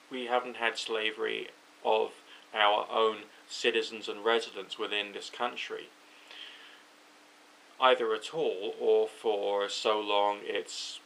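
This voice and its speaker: A man's voice: lowish voice, gravelly, pushed and bright, slight background noise, rough recording. Overtired British man rambling late at night. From United Kingdom. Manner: rambling, self-correcting. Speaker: vlogger. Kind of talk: late-night thinking out loud.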